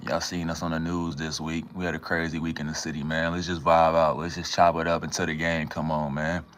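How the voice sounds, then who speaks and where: Very deep-voiced laid-back man. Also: level tone, brisk, a bit bright, a little hiss or hum. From Minnesota, USA. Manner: laid-back, slangy, greets chatters by name. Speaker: livestream host. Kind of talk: casual livestream chat with viewers.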